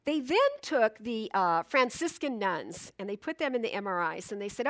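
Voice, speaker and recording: A woman's voice: fairly high pitch, big pitch swings, normal speed, hardly any pauses, a bit bright, no echo, studio quality. A middle-aged woman minister giving a sermon in a conversational, storytelling way, acting out little asides.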